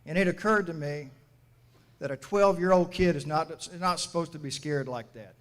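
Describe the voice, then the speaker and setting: A man in his sixties delivers a commencement address as a mayor, his slightly higher voice carried over a podium mic. He tells folksy stories with quoted dialogue in an unhurried, grandfatherly manner, and a long echo trails his words through the large venue. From United States. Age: 60s. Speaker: mayor giving a graduation speech. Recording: echoey hall from a public address.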